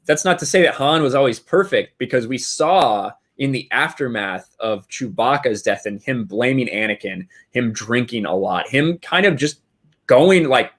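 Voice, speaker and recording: A man's voice: medium pitch, animated, normal speed, fairly bright tone. A man in casual podcast chat who thinks aloud, with many fillers like "uh" and "like". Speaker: podcast co-host.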